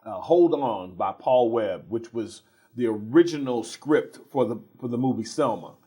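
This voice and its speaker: A middle-aged man, a theater professor and guest on a talk show, telling animated stories with repeated words and frequent laughs. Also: medium pitch, a little slow, slightly rough. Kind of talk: casual interview storytelling.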